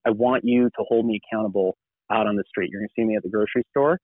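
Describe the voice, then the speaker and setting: A male TV meteorologist chats as a guest and tells animated stories, acting out the lines people said to him. His voice sits fairly low and sounds dry and tinny, as if over a phone line. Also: racing, no echo. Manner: animated storyteller, acts out quoted dialogue. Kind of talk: casual podcast conversation.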